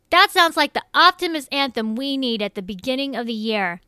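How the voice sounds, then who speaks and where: A woman with a high, bright voice delivers a scripted music review. Her tone is smooth and clear, and she reads out facts and figures at a measured pace. The sound is dry and close. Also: expressive, no echo. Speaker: music commentator.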